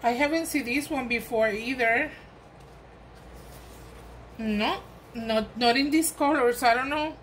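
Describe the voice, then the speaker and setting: A woman's voice: on the high side, slow pace, pauses often, slight background noise, low-quality recording. Gushing woman. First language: Spanish. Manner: gushing, exclamatory, enthusiastic. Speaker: crafting vlogger. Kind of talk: gift unboxing chat.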